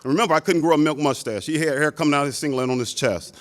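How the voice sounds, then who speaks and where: A man in his fifties tells a lively story as a hall of fame inductee, with a slightly high voice. He keeps throwing in quick asides to the crowd. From Chicago, United States. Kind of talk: speech.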